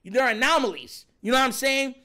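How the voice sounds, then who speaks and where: Man, high voice, casual sports chat, emphatic slangy delivery, laughs a lot. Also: a little fast, a little hiss or hum. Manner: emphatic, slangy, frequent "you know what I'm saying"; animated, laughs often.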